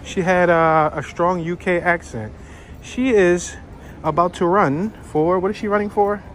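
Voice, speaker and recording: A man talks loosely and jokingly to his camera while strolling outdoors, drifting from one topic to the next. His voice sits a little high for a man. Faint city sounds hum behind him. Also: a little slow, fairly bright tone. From North Philadelphia. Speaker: walking tour vlogger. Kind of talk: casual chat while walking.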